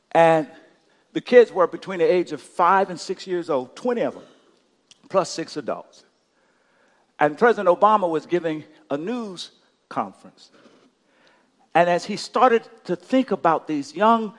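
A man with a very high voice preaches to his congregation, his words building from quiet reflection to fervent shouts. The sound rings with the long reverb of a big church hall. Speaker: pastor. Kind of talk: sermon. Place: church sanctuary.

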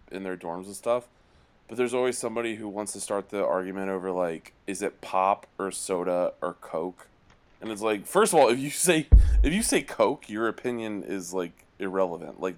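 A man co-hosting a podcast in casual chat, rambling and joking, now and then slipping into put-on accents. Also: deep voice. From Northeast US. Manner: rambling, joking, puts on accents mid-story. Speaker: podcast co-host.

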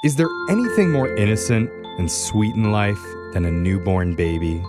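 A man's voice: on the low side, normal speed. A man introducing a morning radio segment with a teasing setup. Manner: teasing, setting up the joke. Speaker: radio host. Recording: loud music bed under the voice.

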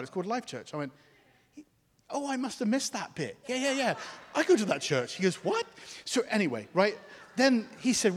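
High-voiced man preaching in a reverberant hall. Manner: animated storyteller acting out dialogue, many restarts. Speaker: pastor. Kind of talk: sermon storytelling.

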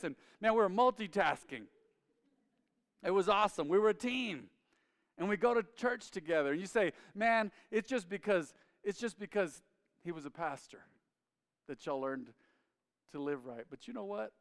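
A man preaching a sermon as a pastor, telling family stories in an animated way and acting out his father's lines loudly. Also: high voice, moderate pace. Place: church sanctuary. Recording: reverberant church sanctuary.

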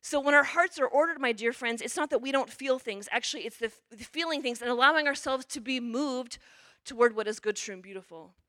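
A woman's voice: sits high, a little fast, fairly bright tone, no room sound. A woman, a religious sister, giving a conversational sermon at a parish mission, often checking in with "okay?" and "you know.".

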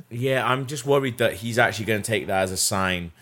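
Man, very low voice, rambling, lots of "like", casual podcast storytelling. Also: a little fast, a bit bright. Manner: rambling, with many fillers and self-corrections. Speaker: podcast host.

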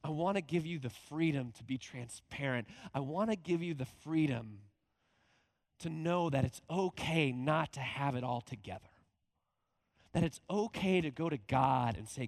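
A man preaching a conversational sermon as pastor, animated, often acting out quoted voices. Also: a little high, normal speed, no echo.

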